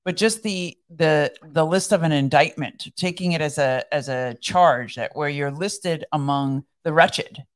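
A woman's voice: deep voice, unhurried, few pauses. A woman co-hosting a devotional podcast, talking earnestly in a casual chat and reading scripture aloud with emphasis. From Iran. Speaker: podcast co-host.

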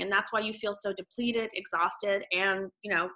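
Bright-voiced woman guest telling her story. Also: medium pitch. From Canada. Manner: animated storytelling, quick restarts. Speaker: podcast guest, author. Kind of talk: casual interview talk.

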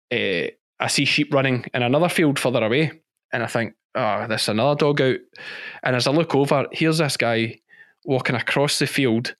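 A sheep farmer who used to be a policeman recounts a story in a podcast interview, delivering it emphatically and with animation while frequently restarting his sentences. His mid-range voice is recorded dry, with clean studio sound.

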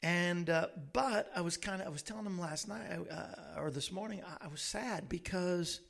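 A man's voice: sits high, moderate pace, gravelly, a bit bright. A man hosting a talk show, telling rambling stories in a casual way and laughing at his own jokes. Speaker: radio show host. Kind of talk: casual chat.

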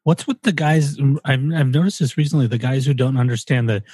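A man with a husky, slightly rough voice hosts a casual podcast. He jokes and swears freely in loose, rambling chat. The close mic sounds dry, with no room. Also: mid-range voice, mellow, no echo. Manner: joking, swearing, quick to laugh.

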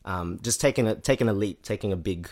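A man's voice: on the low side, fast, a little mellow. A man chatting casually as a podcast guest, rambling and correcting himself with lots of fillers. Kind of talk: casual chat.

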